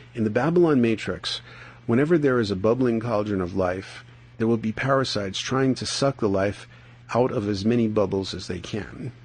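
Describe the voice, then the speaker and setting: A man hosting a podcast, reading his own first-person dream journal and commentary in a deliberate, measured way, sometimes drawing phrases out slowly. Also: fairly low pitch, a little mellow, husky.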